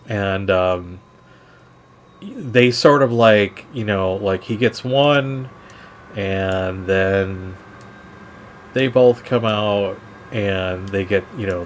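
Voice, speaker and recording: A man running a tabletop game as game master, narrating in a loose, rambling way full of fillers. His voice sits on the low side. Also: slight background noise.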